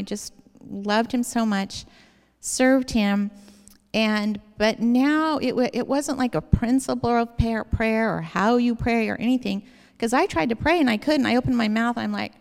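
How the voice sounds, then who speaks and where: Woman, earnest rambling testimony speaker, somewhat high, gravelly voice, reverberant hall. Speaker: speaker giving a personal testimony. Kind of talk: personal faith testimony to an audience.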